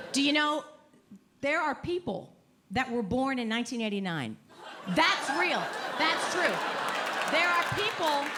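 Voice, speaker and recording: A wry middle-aged woman with a high voice performs a stand-up set on a comedy club stage before a live audience. She's self-deprecating and rambling, with sudden loud outbursts, and the live club recording picks up the crowd's laughter and cheering.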